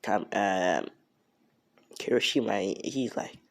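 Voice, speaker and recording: A man's voice: on the low side, lively intonation, normal speed, gravelly, a little mellow. A man casually retelling an improvised fan story, rambling with lots of fillers and slang.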